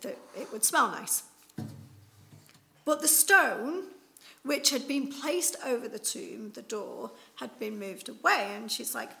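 A woman's voice: fairly high pitch, gravelly, sharp tone, a little hiss or hum. A woman preaching an informal Easter sermon, retelling the story in a chatty way with many fillers.

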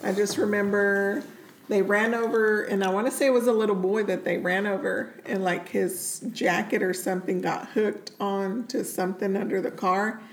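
A woman's voice: mid-range voice, fairly even intonation, moderate pace, echoey room, a little hiss or hum, poor audio. A woman in a casual chat, earnestly recalling something that upset her.

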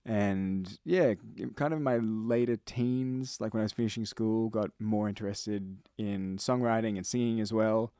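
A man's voice: fairly low pitch, measured pace, few pauses, clear, resonant tone, no room sound. A young Australian man, a musician guest in a studio, chatting casually with plenty of "like" and "you know". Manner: relaxed, many fillers like "like" and "you know". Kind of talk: casual interview chat. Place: recording studio.

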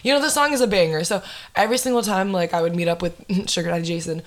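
A young woman in her twenties, a podcast host telling a dating story in casual chat, animated and full of "like". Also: lowish voice, fast talker. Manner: animated, heavy use of "like".

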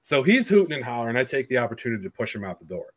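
A young man hosting a podcast, telling a story in a blunt, profane, animated way. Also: medium pitch, very fast. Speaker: podcast host. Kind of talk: casual storytelling chat.

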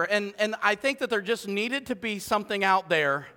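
A man preaching a sermon as pastor, animated and joking with the congregation in a church hall. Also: sits high, fairly quick, smooth. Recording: long church hall reverb.

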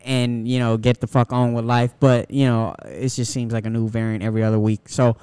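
A man's voice: mid-range voice, little pitch movement, brisk, dark tone, smooth, no echo. A young man co-hosting a casual podcast, talking in a rambling, profane way with many restarts. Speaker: podcast co-host.

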